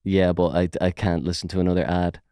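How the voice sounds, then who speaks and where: A man's voice: low voice, flat delivery, fast, heavy background noise. A man with an Irish accent hosting a casual podcast chat, sweary and mocking as he rambles. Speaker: podcast host.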